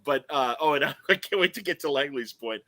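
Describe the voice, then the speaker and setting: A man hosting a podcast in casual chat, animated and laughing as he acts out quoted lines and reads comments aloud. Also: a little high, brisk, no echo. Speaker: podcast host.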